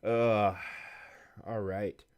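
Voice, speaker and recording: A man's voice: fairly low pitch, little pitch movement, drawn-out words, a little mellow, dull audio. A man streaming a mobile game, chatting casually and rambling, sometimes swearing. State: hiccups. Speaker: gaming streamer. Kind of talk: casual live-stream chat.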